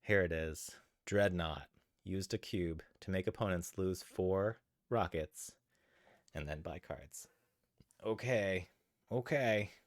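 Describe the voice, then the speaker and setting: Low-voiced guy streaming board games, chatty, talks thru his moves, dry close sound. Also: slow pace, no echo. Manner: chatty, thinks aloud over game moves. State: a little out of breath at times. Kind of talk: casual live-stream chat while playing.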